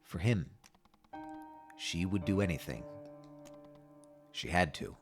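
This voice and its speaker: A man streaming, reading a game's story aloud with measured, wry asides. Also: deep voice, lively intonation, soft background music. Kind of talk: reading a game aloud with commentary.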